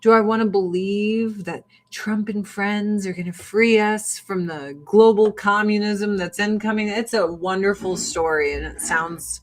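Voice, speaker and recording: A woman's voice: mid-range voice, unhurried, hardly any pauses. A woman in a casual political rant, blunt, sarcastic and often profane. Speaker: livestream host.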